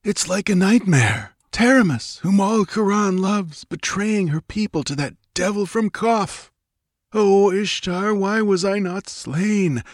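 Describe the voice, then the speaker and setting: A man reading an audiobook, voicing a wounded young soldier who speaks in anguished, halting despair. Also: sits high, warm tone, breathy edge, no echo, clean studio sound, voice pushed up, exaggerated voice.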